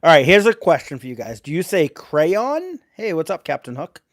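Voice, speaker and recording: A man's voice: a little high, sing-song, moderate pace, no room sound, clean studio sound. A man hosting a casual live stream, reading letters aloud and greeting chat viewers.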